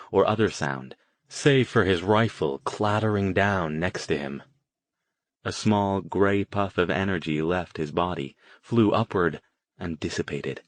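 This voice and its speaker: Deep-voiced male audiobook narrator. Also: no room sound. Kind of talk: scripted narration.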